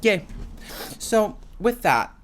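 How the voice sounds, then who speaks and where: A man's voice: high-pitched, very animated, drawn-out words, a little hiss or hum. A young man hosting a podcast on his own, talking in a rambling, casual way with lots of "like" and "um". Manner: chatty, rambling, many "like" and "um" fillers. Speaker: podcast host. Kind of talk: casual solo podcast chat.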